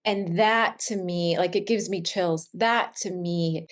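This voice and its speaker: Earnest reflective woman, slowing on key words. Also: on the low side. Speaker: wellness expert guest. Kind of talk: casual heartfelt conversation.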